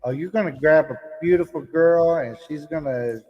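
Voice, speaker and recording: A man's voice: fairly high pitch, normal speed, long reverb tail, highs cut off. A man, chatting casually and joking on a live vlog, swearing as he talks. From Indiana, USA. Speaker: vlog host. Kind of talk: live-stream casual chat.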